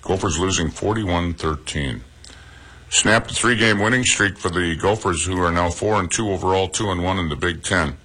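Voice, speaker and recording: Male sports reporter, low bright husky voice, casual and halting. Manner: plain, relaxed delivery with frequent pauses and "uh"s, offering personal opinions. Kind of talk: local radio sports report.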